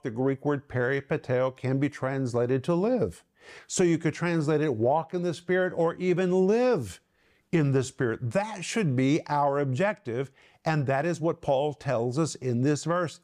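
A middle-aged man hosting and teaching the Bible on a ministry broadcast, earnest, slowing down and lifting his voice to stress key words. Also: fairly high pitch, darkish tone. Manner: earnest, slows and lifts his voice for emphasis.

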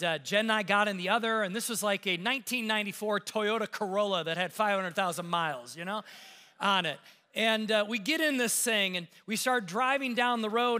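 A man telling a personal travel story with rising suspense, his voice climbing at the tense moments. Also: high voice. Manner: animated, building suspense, voice rising when tense. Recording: hall reverb.

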